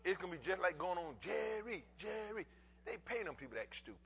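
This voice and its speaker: A middle-aged male pastor preaching a sermon in folksy bursts, repeating words for emphasis and swinging from quiet asides to shouts. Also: a little high, expressive, very fast, slight background noise, poor audio.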